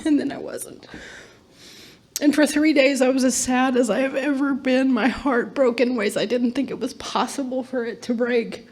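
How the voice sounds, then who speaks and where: A woman's voice: sits high, steady tone, normal speed, darkish tone, breathy edge. A middle-aged woman speaking at a recovery meeting, telling her story in an earnest, emphatic way. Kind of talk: personal testimony talk.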